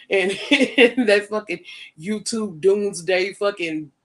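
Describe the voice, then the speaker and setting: A man's voice: high voice, slow pace, a bit bright. A man hosting a casual live stream, greeting viewers by name and talking in a chatty, profane way with frequent laughter. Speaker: live-stream host reading chat.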